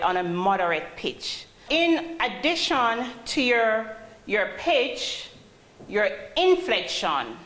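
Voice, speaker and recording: A woman teaching a call-centre class, calling on students and asking them questions. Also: on the low side. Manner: calls on students, asks questions. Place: training classroom. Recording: roomy classroom, faint hum.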